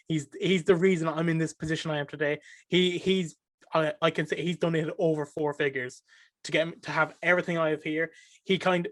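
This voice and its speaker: An excitable young Irish man with a high voice talks as a guest on a casual podcast. He gets emotional and animated as he speaks. The sound is dry and close-miked. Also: dry recording. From Ireland. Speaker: podcast guest, streamer and caster.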